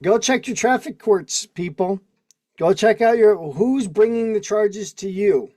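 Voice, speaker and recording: A man with a fairly high-pitched voice hosts a casual livestream over a video call microphone. He preaches in strings of rhetorical questions. He breaks off to read and answer comments from his chat. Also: measured pace, mellow. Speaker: livestream host.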